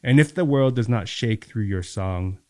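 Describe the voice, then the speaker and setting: Low-voiced male poet, measured lyrical delivery, dry close sound. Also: animated, a little mellow, dry recording. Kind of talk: poetry reading then casual chat.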